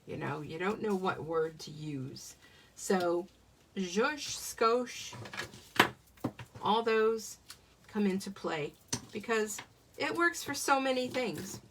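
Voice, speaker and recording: A woman's voice: mid-range voice, lively intonation, slow pace, long pauses, fairly bright tone, a little hiss or hum. Middle-aged lady chatting thru a card-making demo at her desk, jokey, voice kinda far off the mic. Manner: chatty and self-joking, laughs often. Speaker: craft demonstrator. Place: home craft desk.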